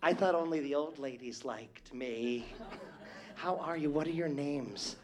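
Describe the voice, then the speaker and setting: A man's voice: on the high side, a little slow. A man on stage bantering with his crowd in a slightly raised voice. He is flamboyant and teasing and piles on the endearments. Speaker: stage entertainer working the crowd. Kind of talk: live stage banter with the audience. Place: live venue with an audience.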